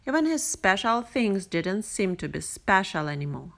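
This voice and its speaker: A woman reading a bedtime picture book aloud, gentle and expressive, with sing-song repetition. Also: mid-range voice, normal speed, gravelly. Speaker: storyteller. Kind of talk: bedtime story read aloud.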